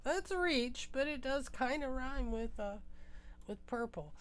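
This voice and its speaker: A woman's voice: high voice, animated, unhurried, clean tone. A woman hosting a music livestream, musing aloud as she browses, tired and congested from a sinus infection. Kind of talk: casual livestream chat.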